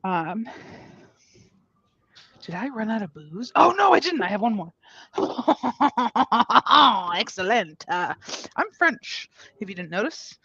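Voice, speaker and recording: A woman's voice: fairly high pitch, very animated, slow, creaky, long pauses, fairly bright tone, breathy edge, dry recording. Boisterous tipsy young woman from Maine. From Maine, USA. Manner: boisterous, swearing, laughing often. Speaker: guest co-streamer. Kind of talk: casual live-stream chat. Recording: dull lo-fi stream audio.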